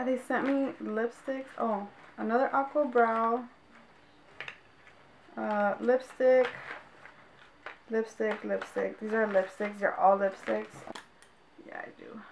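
A young woman vlogging as she unboxes makeup, gushing with exclamations and talking straight to her viewers. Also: medium pitch. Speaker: beauty vlogger. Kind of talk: casual unboxing vlog. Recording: clear background noise.

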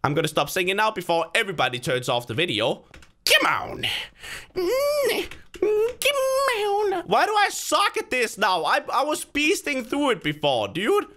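A man giving casual let's-play commentary, excitable, talking to himself and cheering himself on, with sudden loud bursts of frustration and joy. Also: sits high, a little fast. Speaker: gaming video creator.

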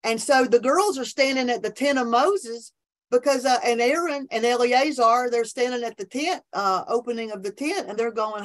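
On a remote call from her office, a woman minister appearing on a podcast has an animated, preachy talk about faith, often restarting her sentences. Her voice is a little high and moves at a moderate pace.

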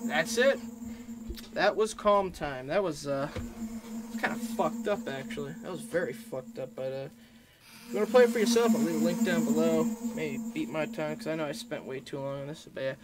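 A man's voice: fairly high pitch, normal speed, pauses often, heavy background noise. A young man giving profane, joking commentary while playing a game for his channel. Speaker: gaming YouTuber. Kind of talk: let's play commentary.

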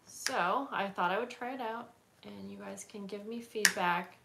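A woman's voice: medium pitch, a little slow, vocal fry, very noisy. A woman hosting a casual craft livestream, chatting and rambling with lots of fillers while she stamps and works at her table. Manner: chatty, rambling, many fillers and self-corrections.

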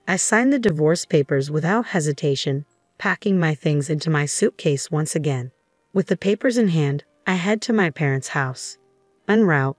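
A woman reading a first-person story in an even, measured way. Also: low-pitched, no echo. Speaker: narrator.

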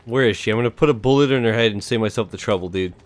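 A man's voice: lowish voice, very fast. A man giving casual, sarcastic, profane commentary while playing a video game. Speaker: gaming streamer.

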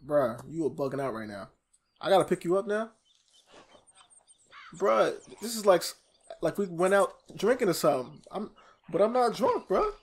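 Give me an excitable young gamer reacting in slangy let's-play commentary, with a slightly high voice. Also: male voice, moderate pace, long pauses, slightly rough.

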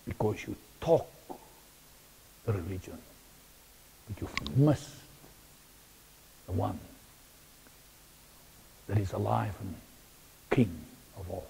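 A man preaching a sermon, emphatic and halting, with long pauses between phrases. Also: fairly low pitch, animated, gravelly, dark tone, slight background noise. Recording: long hall reverb.

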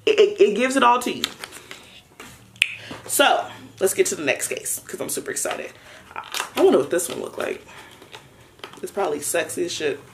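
A young adult woman chatting through a casual unboxing vlog, excitable and playful with lots of slang. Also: medium pitch, normal speed, pauses often, noisy background. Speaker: vlogger.

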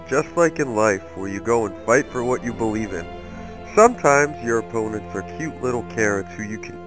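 A man's voice: medium pitch, a bit bright, poor audio. A young man hosting a let's play, giving angry, profane, rambling commentary while he plays. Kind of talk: profane gaming commentary rant.

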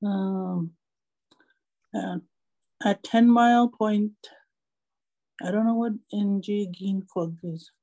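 A woman's voice: medium pitch, fairly even intonation, very slow, long pauses, mellow, rough recording. A woman student in an online language class, hesitant and apologetic when unsure. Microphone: video call.

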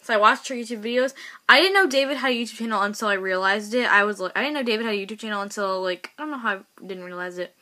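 A woman telling a storytime vlog to camera, excitable and rambling, with many restarts and repeats. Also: medium pitch, rapid-fire. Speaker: vlogger.

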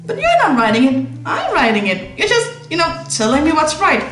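Casting: lazy, dismissive college football jock read by a woman, lively pitch, echoey room. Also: brisk, a little hiss or hum, full character voice. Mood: wheedling. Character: laid-back male college football jock.

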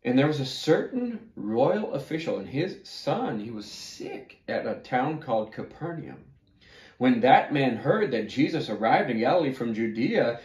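A man's voice: medium pitch, a little mellow. A man teaching a children's Bible class, telling a story and asking his listeners questions. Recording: echoey room.

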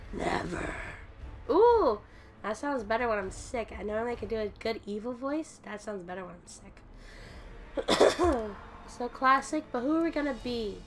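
A woman with a hoarse voice from a cold, rambling and self-deprecating while she plays and comments on a fighting game. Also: on the high side, background noise. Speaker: gaming YouTuber. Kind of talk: casual commentary while playing.

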